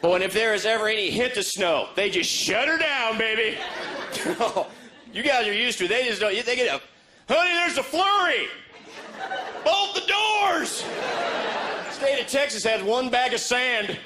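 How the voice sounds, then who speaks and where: A male stand-up comedian telling deadpan quips to a live audience. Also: high-pitched, a crowd in the background, noisy background. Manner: deadpan quips, quick jokes. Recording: live show with audience laughter.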